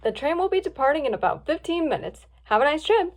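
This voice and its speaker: A polite, businesslike male ticket clerk at a train station, as a woman voices him. His voice is pitched high and lively. It is a storybook reading. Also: fast.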